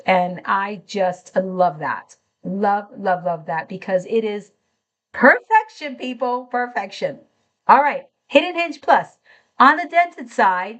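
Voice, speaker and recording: A middle-aged woman hosting a live craft tutorial, chatting enthusiastically and greeting viewers by name as she works. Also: mid-range voice.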